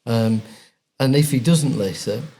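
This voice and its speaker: A man, a local campaigner, speaking in a conversational podcast interview, hesitant and full of pauses and fillers. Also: medium pitch, dark tone.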